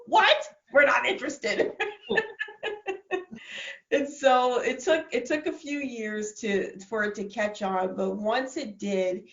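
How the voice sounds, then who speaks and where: Animated woman guest, roomy lo-fi call. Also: mid-range voice, creaky. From Minnesota, USA. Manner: animated, laughs often, many restarts. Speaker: motivational speaker, guest. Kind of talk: casual video-call interview. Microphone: video call. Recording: roomy, dull lo-fi sound.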